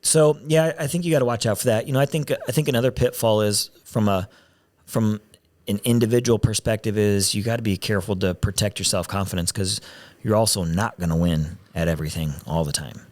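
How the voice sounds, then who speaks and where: A man's voice: lowish voice, fairly quick, a little mellow. A man hosting a podcast in casual chat, talking in a rambling way with frequent restarts, on a studio mic with headphones. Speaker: podcast host.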